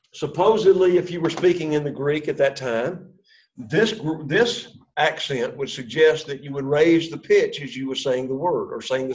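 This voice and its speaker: A man teaching a classroom lesson, explaining step by step, quizzing the class and encouraging them. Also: a little high. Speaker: Greek teacher. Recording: dull lo-fi sound.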